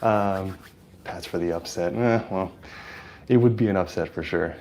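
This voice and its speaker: A Californian man with a low, slightly mellow voice talks at a measured pace over a faint hiss or hum. He's hosting a casual live stream on a lapel mic, chatting with viewers and calling plays, chatty and hesitant with plenty of fillers but hyped when the action hits.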